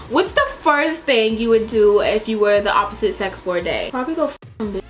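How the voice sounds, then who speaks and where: A young woman chatting in a casual question-and-answer vlog, dramatic and animated, laughing often and swearing. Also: medium pitch, brisk, soft background music. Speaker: vlogger.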